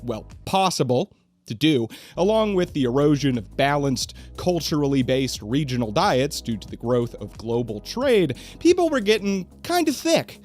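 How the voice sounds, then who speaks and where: A man's voice: mid-range voice, lively intonation, moderate pace, darkish tone, faint music behind. A man hosting a comedic scripted narration, sarcastic and exasperated, with swearing. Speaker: host.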